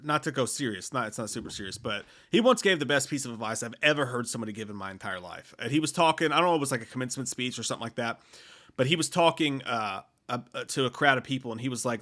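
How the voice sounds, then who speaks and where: Fast, bright-voiced excitable man. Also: mid-range voice. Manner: excitable, profane storyteller. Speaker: co-host of a movie podcast. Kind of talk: casual chat.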